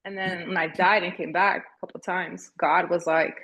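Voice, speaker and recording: A woman in her thirties recounts hard personal experiences as a podcast guest. Her voice is husky and her speech halting, with frequent restarts as she searches for words. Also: lowish voice, little pitch movement, fairly bright tone, lo-fi sound. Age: 30s. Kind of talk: emotional personal storytelling.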